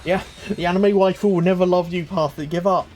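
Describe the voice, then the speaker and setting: A man's voice: high-pitched, fairly even intonation, fairly quick, a little mellow, faint music behind. A man chatting, teasing and swearing playfully during a live game stream. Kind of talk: casual live-stream chat.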